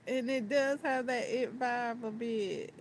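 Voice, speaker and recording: Slow-talking giggly woman vlogger. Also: on the high side, a little hiss or hum. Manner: giggly, repeats words and phrases. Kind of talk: casual movie chat.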